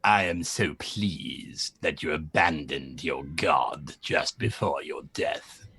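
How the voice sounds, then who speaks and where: A man voicing a sinister ancient male god of oblivion who speaks slowly and menacingly. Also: very deep voice, pushed and bright, breathy edge, voice pushed down, exaggerated voice. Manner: slow, menacing, commanding.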